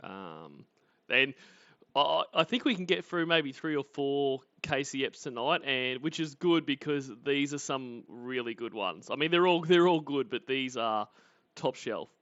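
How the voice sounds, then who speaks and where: A man's voice: medium pitch, expressive, unhurried, fairly bright tone, dry recording. A man with an Australian accent hosting a livestream, rambling and mocking and swearing freely as he comments. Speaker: livestream host. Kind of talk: casual commentary. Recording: dry, slightly muffled audio.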